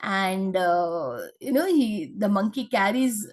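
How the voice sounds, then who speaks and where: A woman's voice: mid-range voice, lively intonation, takes it slowly. A woman teacher, explaining a story in a chatty way with many fillers and checks. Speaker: English teacher. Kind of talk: explaining a lesson.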